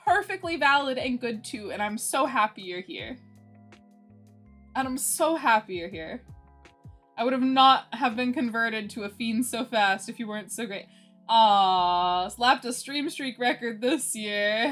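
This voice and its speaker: Giggly streamer girl, high bright voice, unhurried, bit of music under it. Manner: giggly, laughs often between lines. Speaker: livestream host. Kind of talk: casual chat with viewers. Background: faint background music.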